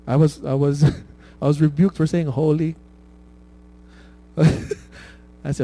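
A man delivering a relaxed, conversational sermon. His voice sits a bit high but sounds dark and mellow. He keeps checking in with his listeners and laughs easily at his own stories. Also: takes it slowly, long pauses, rough recording. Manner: conversational preaching with frequent "right?" tags. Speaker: pastor.

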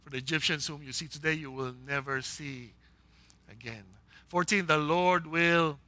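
A man preaching with a high, bright, cutting voice, animated and joking, acting out the voices he quotes. The sound is dry and close, with no room echo. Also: moderate pace. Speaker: pastor. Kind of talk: sermon.

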